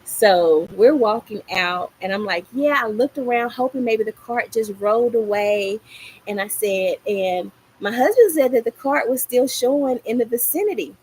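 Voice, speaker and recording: A middle-aged woman hosting a gardening livestream, telling a story in a casual, animated way and acting out the lines she quotes. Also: normal speed, husky, poor audio. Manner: animated, acts out quoted lines with rising pitch. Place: small home patio garden, outdoors.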